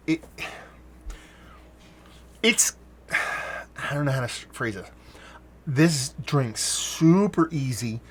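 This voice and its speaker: A man's voice: medium pitch, a bit bright. A man talking casually into a standalone mic, reviewing a beer in a rambling way, stopping and restarting his sentences and swearing now and then.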